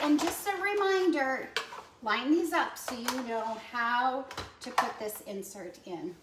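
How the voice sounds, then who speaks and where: A woman's voice: sits high, animated, unhurried, echoey room, distant mic, very noisy. A woman giving a chatty step-by-step cooking demonstration in a kitchen. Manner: chatty step-by-step instructions with fillers.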